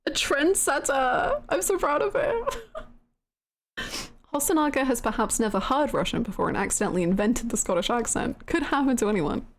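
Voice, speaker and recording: A woman's voice: on the high side, very animated, brisk, a little hiss or hum. A woman streamer giving playful, giggly, exclamatory commentary on a live game playthrough. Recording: game music under the voice. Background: game music.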